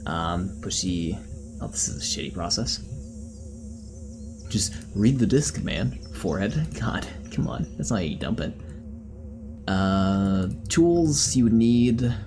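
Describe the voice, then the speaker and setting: A man's voice: low-pitched, very animated, slow, pauses often, music in the background. A man chatting casually on a live stream, answering viewers in a rambling, easygoing way with plenty of fillers.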